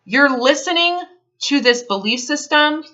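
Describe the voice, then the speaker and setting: A woman's voice: high-pitched, lively intonation, measured pace, pushed and bright. A woman health advisor in a counseling session, talking bluntly and emphatically, swearing freely. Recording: dull lo-fi recording.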